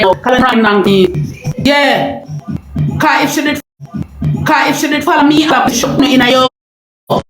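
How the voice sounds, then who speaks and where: A middle-aged woman with a Jamaican accent ranting on a live stream, loud and confrontational, repeating herself and breaking into shouts. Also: sits high, roomy sound, poor audio. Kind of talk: heated live-stream rant.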